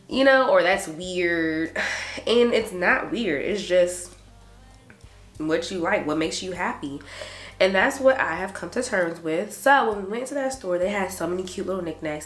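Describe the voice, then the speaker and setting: A young adult woman vlogger chatting casually to her camera, animated and saying "y'all" a lot. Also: fairly low pitch. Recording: roomy echo, faint music behind.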